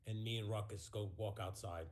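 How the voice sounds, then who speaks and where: A man playing a tabletop game, calmly describing what his character does. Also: on the low side, brisk. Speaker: player. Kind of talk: casual tabletop play.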